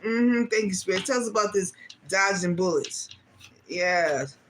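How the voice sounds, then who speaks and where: A woman's voice: medium pitch, lively intonation, unhurried, a bit bright, a little hiss or hum. A woman reading tarot cards for viewers in a slangy, casual way, repeating "yes, yes" and asking Spirit questions aloud. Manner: laughs between card readings. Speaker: tarot reader.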